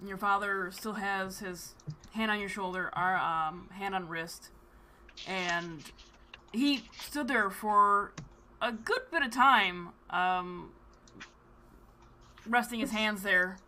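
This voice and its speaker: Bright-voiced woman game master. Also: medium pitch, slow, long pauses, a little hiss or hum. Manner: hesitant, many fillers. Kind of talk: narrating a tabletop game.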